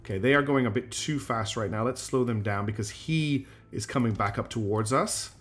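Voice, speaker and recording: A man's voice: medium pitch, moderate pace, fairly bright tone. A man streaming live, thinking aloud through his gameplay and chatting back to viewers. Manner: thinks aloud while playing and answers chat.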